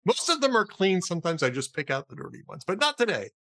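Bright-voiced chatty male radio host. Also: high-pitched, sing-song, fast, dry recording, studio quality. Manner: chatty, tells jokes with shifting voices. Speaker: radio talk show host. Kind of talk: casual talk radio chat.

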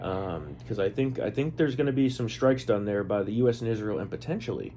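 Hoarse-voiced male podcast co-host. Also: lowish voice, animated, brisk, dark tone, slight background noise. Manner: opinionated, talks in lists with fillers. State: losing his voice. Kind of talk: casual political chat.

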